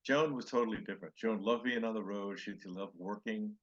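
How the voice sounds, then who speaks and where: Over lo-fi audio, an older male comedian being interviewed on a podcast shares stories from touring, mimicking others' lines in raised voices. His pitch is fairly low and his tone fairly bright, and he speaks at a fairly quick pace.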